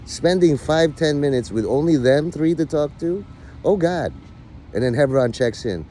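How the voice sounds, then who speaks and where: A man's voice: fairly high pitch, lively intonation, normal speed, mellow, slight background noise. A middle-aged man livestreaming, rambling in crude, mock-bossy rants at his viewers. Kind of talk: casual rant chat.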